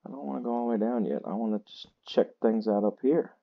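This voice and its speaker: A tired man, chatting slowly and poking fun at himself while he plays a game. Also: on the low side, gravelly, lo-fi sound. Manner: slow, chatty and self-mocking. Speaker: gaming channel host. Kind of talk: casual gameplay commentary.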